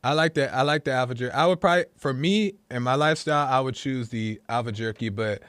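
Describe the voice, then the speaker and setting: A man as a podcast guest in casual chat, relaxed and rambling with many fillers. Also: medium pitch, fast talker, clean tone, no room sound, clean studio sound.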